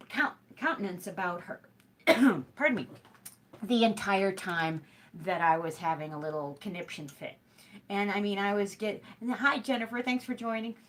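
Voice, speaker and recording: A woman's voice: medium pitch, fairly bright tone. A middle-aged woman hosting a hooping show, chatting casually to a live stream and telling a rambling story full of fillers and restarts.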